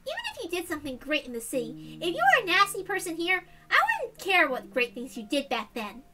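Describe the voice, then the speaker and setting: A woman doing a gentle little girl's voice. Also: extremely high pitch, very animated, a little fast, far from the mic, background noise. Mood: reassuring. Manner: soft, reassuring. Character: young girl, gentle and wise beyond her years. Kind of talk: dramatic visual novel reading.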